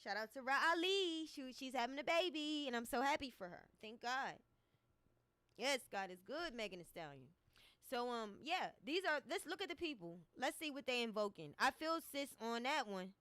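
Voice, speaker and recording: A woman's voice: sits high, expressive, normal speed, fairly bright tone, clear, resonant tone, no room sound. A woman giving opinionated commentary on a vlog, speaking emphatically and repeating her points. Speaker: commentary vlogger.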